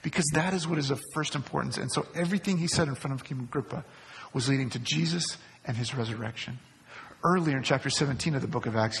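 A man's voice: medium pitch, a bit bright, a little hiss or hum. A male pastor preaching a sermon, repeating key phrases for emphasis. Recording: long hall reverb.

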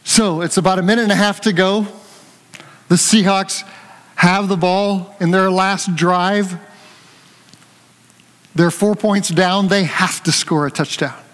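An older man preaching a conversational sermon, telling a lively story and joking with his congregation. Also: high-pitched, unhurried, long pauses, big-room sound. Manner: animated storytelling, jokes with the congregation.

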